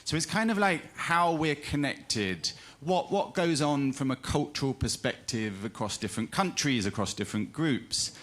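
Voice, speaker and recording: A man's voice: medium pitch, expressive, moderate pace, few pauses, fairly bright tone. A British man giving a live talk to an audience, in a chatty, self-deprecating way with many fillers and restarts. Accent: British English. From Britain. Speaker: speaker.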